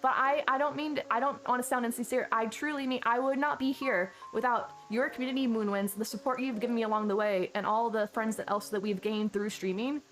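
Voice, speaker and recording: A slightly high-voiced woman streamer gushes her thanks to viewers in loose, rambling live-stream chat, tripping over her words and restarting sentences. Lo-fi background music plays clearly under her voice throughout. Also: steady tone, fairly quick, few pauses, a bit bright. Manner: gushing, effusive, rambling with many restarts.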